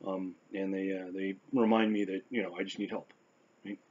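A man who survived a stroke talks candidly about it, often pausing, restarting and checking in with "right?". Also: low-pitched, level tone, darkish tone, husky. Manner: conversational, tags sentences with "right?"; halting, with restarts and pauses. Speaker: stroke survivor sharing his experience. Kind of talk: unscripted talk to camera. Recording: slightly dull lo-fi audio.

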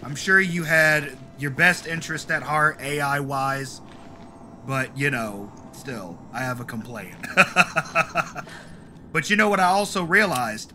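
Man streamer, excitable, swears, high voice, unhurried, game music behind. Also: a little hiss or hum. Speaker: gaming streamer. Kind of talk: casual let's play commentary.

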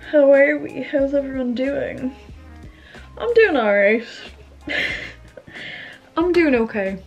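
Woman, 20s, vlogger, chatty and rambling, vocal fry, soft music behind. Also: high-pitched, expressive, takes it slowly, dull audio. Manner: rambling, says "like" a lot. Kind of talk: casual chat to camera.

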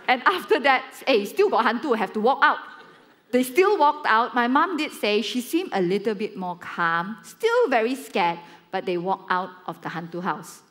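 Malaysian lady pastor in her 40s, kinda high voice, tells stories all animated. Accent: Malaysian English. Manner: animated storytelling with acted-out quotes. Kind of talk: sermon.

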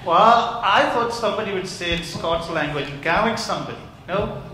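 High-voiced male minister in an echoey church. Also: normal speed, bright, forceful tone, slight background noise. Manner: interactive, questioning the congregation. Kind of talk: children's talk in church service. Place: large church hall.

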